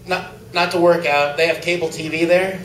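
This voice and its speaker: High-voiced man for a crude open-mic stand-up set; roomy club sound, mic at a distance. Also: fairly even intonation, normal speed, a bit bright, slight background noise. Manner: crude joke-telling, laughing at own jokes. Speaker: stand-up comic. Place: small comedy club.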